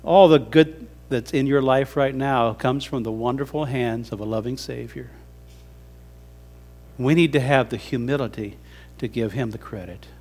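A man's voice: mid-range voice, moderate pace, a little mellow. A male pastor delivering a folksy, humorous sermon in a conversational way.

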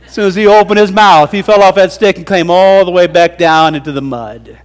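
A man's voice: sits high, brisk, clear, resonant tone. A male pastor delivering a folksy, humorous sermon in a conversational way.

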